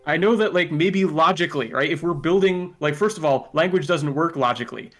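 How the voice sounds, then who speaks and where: Male podcast guest, slightly higher voice, thoughtful and given to long reasoning. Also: brisk, fairly bright tone, faint music behind. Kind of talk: casual chat.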